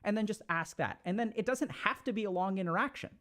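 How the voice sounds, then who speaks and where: A man giving casual motivational advice in an animated, coaching way with slangy asides. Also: high-pitched, quick pace. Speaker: self-help speaker.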